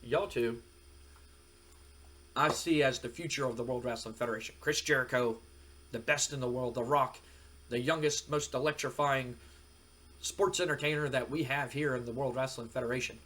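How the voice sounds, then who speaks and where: A man voicing a scheming older male wrestling boss who makes placating promises, with a husky voice. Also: medium pitch, fairly even intonation, normal speed, long pauses, fairly bright tone, close to an everyday voice.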